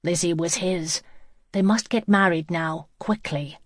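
Low-voiced woman narrating a novel. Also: measured pace, no room sound, clean studio sound. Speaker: audiobook narrator. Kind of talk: scripted narration.

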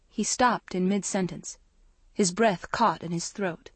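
A woman narrating a young-adult novel in a measured storytelling voice. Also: lowish voice, husky, no echo. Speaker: audiobook narrator. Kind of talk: scripted narration.

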